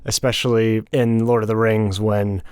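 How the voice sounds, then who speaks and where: A man's voice: lowish voice, level tone, moderate pace, a little mellow, clean tone, no echo, clean studio sound. Laid-back young man, podcast co-host. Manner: laid-back and rambling, swears freely, lots of "like" and "um". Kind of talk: casual chat.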